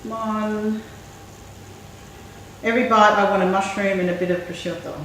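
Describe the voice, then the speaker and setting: A woman hosting a cooking show, chatting in a relaxed way and thinking aloud as she works. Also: mid-range voice, moderate pace. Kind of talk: casual cooking demonstration. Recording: very echoey room, mic far off, faint noise.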